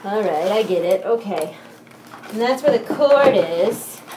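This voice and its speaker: A woman's voice: medium pitch, expressive, a little slow. A woman hosting an unboxing vlog, giddy and bubbly, exclaiming and singing to herself as she opens a new keyboard. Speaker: unboxing vlogger. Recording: echoey room with faint noise.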